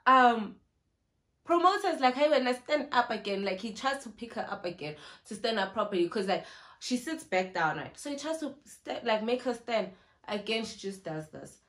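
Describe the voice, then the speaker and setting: A young South African woman telling a story in a casual, animated way, acting out what people said. She records on her phone. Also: on the high side, normal speed. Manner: animated, acts out what people said, mixes in isiZulu slang. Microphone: phone camera.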